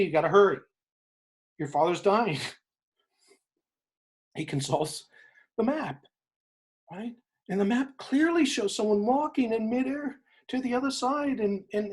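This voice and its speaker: A man, an interview guest, retelling a story in an emphatic, animated way, often repeating phrases for weight. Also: high voice. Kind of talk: inspirational storytelling in conversation.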